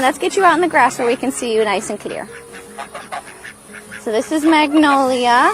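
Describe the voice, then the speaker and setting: A woman's voice: expressive, normal speed, over loud music, rough recording. A woman giving a casual farm tour, chatting about her animals outdoors. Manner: chatty, cooing at animals in a high baby voice. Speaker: farm vlogger.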